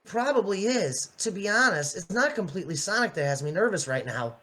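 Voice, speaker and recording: A woman's voice: mid-range voice, very animated, fairly quick, fairly bright tone. A woman voicing Chris, a shy and affectionate young man, in an amateur fan drama. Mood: earnest.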